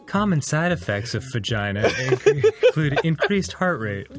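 A man's voice: medium pitch, very animated, normal speed, music in the background. A man co-hosting a let's play, cracking crude jokes and laughing often. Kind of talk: casual gameplay commentary.

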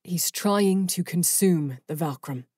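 A woman's voice: lowish voice, unhurried, a little mellow, husky, dry recording, clean studio sound. A woman voicing Ajax, a cocky young male fallen angel in an audiobook, with a smug, taunting manner. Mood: tense.

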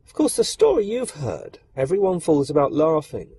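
A man narrating a dark fairy tale, expressive and speaking directly to the listener. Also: fairly high pitch, moderate pace, slightly rough, dry recording. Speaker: storyteller. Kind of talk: dramatic storytelling narration.

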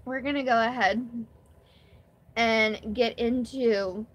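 Young female vlogger, somewhat high voice, rambling and candid, live-stream chat. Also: steady tone, slow, a bit bright. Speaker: vlogger hosting her first live stream.

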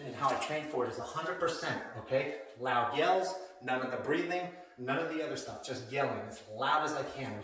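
A man's voice: medium pitch, a bit bright, a little hiss or hum. A middle-aged man teaching self-defense in a blunt, emphatic way, ending his points with "okay?". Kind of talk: instructional workout video. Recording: very echoey room, mic far off.

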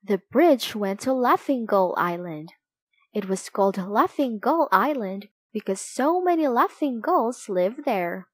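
A woman reading a children's picture book aloud, clear and deliberate. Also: fairly high pitch, very animated, dry recording. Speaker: storybook reader.

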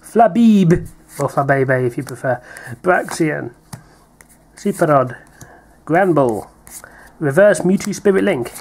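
A man's voice: on the high side, animated, measured pace, gravelly, long pauses, slightly rough. A British man chatting playfully while opening card packs, reading out names with little laughs. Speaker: card pack opener, co-host. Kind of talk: casual unboxing chat.

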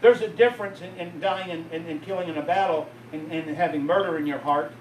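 A man's voice: a little high, fairly quick, slight background noise. A male pastor preaching a sermon, telling the story with a voice that rises and falls in intensity. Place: church sanctuary. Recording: roomy, distant church recording.

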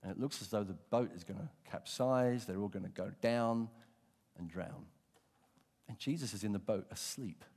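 Animated preacher telling stories. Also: male voice, lowish voice, long reverb tail. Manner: animated storytelling, acting out voices, dropping to hushed emphasis. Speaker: pastor. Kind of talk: sermon.

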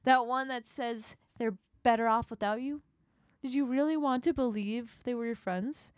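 A woman voicing a sinister sea monster in a game, reading its lines with a slow, gloating, mocking delivery. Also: a little high, dry recording, natural voice. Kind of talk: reading a game's dialogue aloud.

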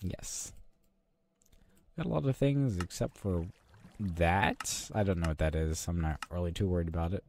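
A man's voice: low voice, normal speed, background noise. A man giving casual gameplay commentary, muttering to himself as he plays and making wry, self-mocking jokes. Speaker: gaming channel host.

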